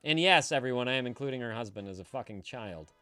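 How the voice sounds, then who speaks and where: A man's voice: medium pitch, lively intonation, fast talker, pushed and bright, clear, resonant tone, no room sound, faint music behind. A man in his thirties streaming live from home, reading viewers' messages aloud and ranting about them with a lot of swearing. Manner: profane, indignant ranting.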